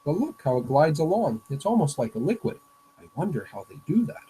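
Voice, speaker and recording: An excitable, curious young cartoon boy, put on by a man reading a comic strip aloud. The voice sits clearly higher than an adult's speaking voice and tumbles from one eager question to the next. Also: slight background noise, low-quality recording. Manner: eager, rapid-fire questions.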